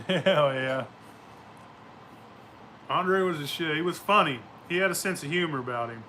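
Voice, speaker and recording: Boisterous, profane man, bright voice. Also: on the high side, unhurried, a little hiss or hum. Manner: profane, boisterous, laughs often. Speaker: show host. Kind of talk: casual rambling storytelling.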